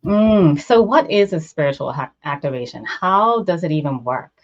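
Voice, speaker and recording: A woman's voice: low-pitched, lively intonation, moderate pace. A woman co-hosting a casual talk, affirming her guest and asking her questions. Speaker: co-host. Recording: dull lo-fi audio.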